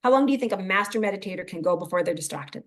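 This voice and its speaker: Talking very fast in a mid-range voice, this middle-aged mental performance coach keeps the interview casual. She brings inner thoughts to life by voicing them in animated quotes.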